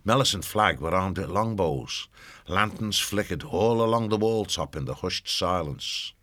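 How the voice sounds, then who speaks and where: A man narrating an audiobook in a steady storytelling manner. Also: low-pitched, a little slow.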